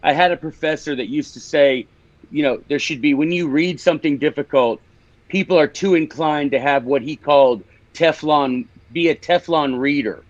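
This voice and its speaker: A man's voice: on the high side, normal speed, dry recording, highs cut off. A man with a Memphis accent, a guest author explaining ideas in a casual interview, teaching and restarting as he talks.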